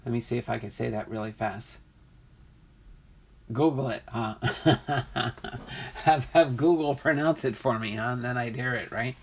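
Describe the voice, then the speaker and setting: A man's voice: medium pitch, moderate pace, gravelly, slightly rough. A man hosting a live stream, reading viewers' comments, laughing and trying out pronunciations in a chatty way. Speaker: livestream host. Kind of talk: casual live chat with viewers.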